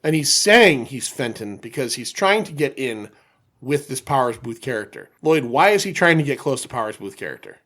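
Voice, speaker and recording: A man's voice: mid-range voice, very animated, moderate pace, fairly bright tone. Profane joking man on a podcast. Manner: profane, joking, laughs often. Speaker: podcast co-host. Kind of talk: casual film discussion.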